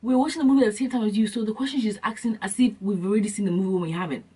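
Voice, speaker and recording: Husky young woman telling comic stories. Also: medium pitch, rapid-fire. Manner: animated, slangy, acts out scenes. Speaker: vlogger. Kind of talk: comic storytelling vlog. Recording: distant from the mic.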